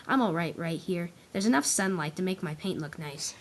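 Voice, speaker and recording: A woman's voice: fairly low pitch, animated, normal speed. A woman voicing a vain, selfish male train engine with a smug, dismissive manner.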